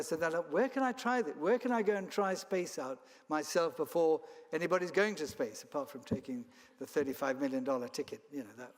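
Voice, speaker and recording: A man from Kenya and South Africa, a travel company founder, giving a rambling anecdotal keynote at an event. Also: a little high. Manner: rambling storyteller with restarts and chuckles. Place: event hall. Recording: long hall reverb.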